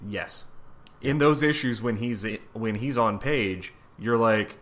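Low-ish guy with a bright edge, chill recap of a comic, swears casually. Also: slow. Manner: laid-back storytelling, casual swearing. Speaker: podcast co-host.

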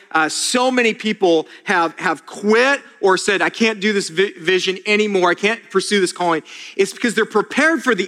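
A man's voice: sits high, bright, forceful tone. Earnest preacher man in a reverberant hall. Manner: earnest, repetitive stammering restarts, addresses listeners as "you guys". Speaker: pastor. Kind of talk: sermon. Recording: long reverb of a large hall.

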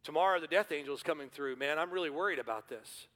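A man's voice: on the high side, fast, sharp tone. A man voicing a worried ancient Israelite father who speaks hesitantly, recorded with hall reverb. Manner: fretful, hesitant.

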